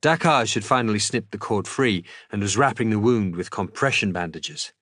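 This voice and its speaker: A man reading a novel aloud in an expressive, dramatic audiobook style as a streamer. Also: on the low side, moderate pace, no room sound, studio quality.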